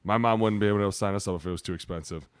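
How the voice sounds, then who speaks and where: A man's voice: fairly low pitch, rapid-fire, clean tone, no echo. A man co-hosting a podcast, telling stories in casual chat, swearing freely and acting out both sides of the conversation. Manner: profane, animated storyteller acting out both sides. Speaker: podcast co-host, former pro football player. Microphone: studio microphone.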